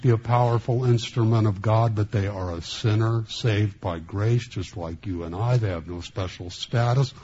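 A man preaching a sermon as a pastor, speaking in a halting way with many restarts and flashes of sarcasm. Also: lowish voice, dark tone, lo-fi sound.

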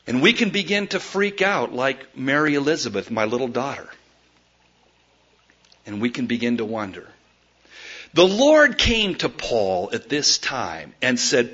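A man's voice: medium pitch, unhurried, breathy edge. A male pastor giving a sermon in a church, telling stories animatedly and acting out voices. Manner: animated storytelling, acts out quoted voices. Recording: muffled lo-fi sermon recording.

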